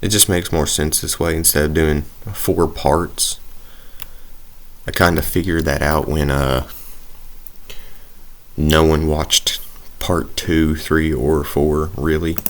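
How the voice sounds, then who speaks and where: Slow and flat, with long pauses, an extremely low-pitched voice belongs to a young gaming YouTuber narrating his own football video game play. His commentary is casual, rambling, hesitant, self-deprecating, and filler-heavy.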